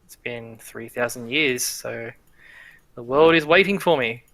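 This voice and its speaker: A man voicing a scheming ancient male villain god who speaks slowly, grandly and with menace. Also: mid-range voice, a bit bright. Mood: menacing.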